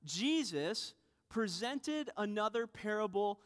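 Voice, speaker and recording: A man's voice: high voice, lively intonation, slow, a bit bright. A man in his thirties preaching a sermon, telling a personal story with self-deprecating humor and acting out the voices. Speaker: pastor. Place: church sanctuary. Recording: reverberant church hall.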